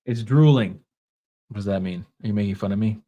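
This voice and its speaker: A man's voice: lowish voice, fairly quick, dark tone, muffled recording. A man with a Minnesota accent hosting a casual livestream, talking in a wry, offhand way and reading comments from the chat aloud. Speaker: podcast host.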